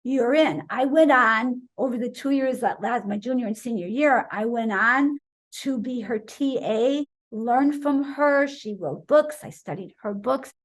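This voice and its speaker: A woman in her sixties from Wisconsin, a guest telling an animated story in an interview and acting out the voices she quotes. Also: on the high side, unhurried. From Wisconsin, USA. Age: 60s.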